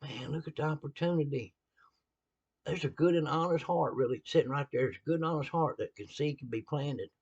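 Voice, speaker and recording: A man's voice: a little high, a little fast, slightly rough, lo-fi sound. A man with a Southern US accent giving a casual sermon-style talk, folksy and blunt, with laughing asides. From American South.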